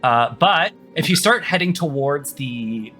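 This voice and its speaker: A man runs a tabletop game as dungeon master, narrating in a loose, casual way full of fillers. His voice is bright and a little high. Soft music plays underneath. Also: animated, unhurried.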